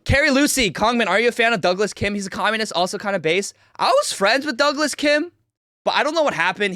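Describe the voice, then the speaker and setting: A young man hosting a livestream, reacting to a video with loud, mocking, excitable commentary. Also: high-pitched, dry recording, studio quality. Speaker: streamer host.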